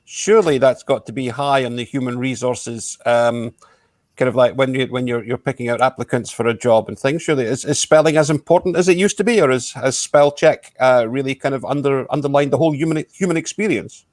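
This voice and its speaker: A man's voice: mid-range voice, a little fast, dry recording. A man hosting an improvised comedy panel show, hesitant with many fillers. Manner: hesitant, full of ums and restarts. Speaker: show host.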